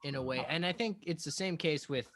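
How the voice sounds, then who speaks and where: A man's voice: a little high, fairly quick, fairly bright tone, slight background noise. A man from the Boston area talks as a guest on a casual podcast, loose and playful. He jokes freely and keeps the chat light. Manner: jokey, slips into silly put-on voices. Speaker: comedian guest.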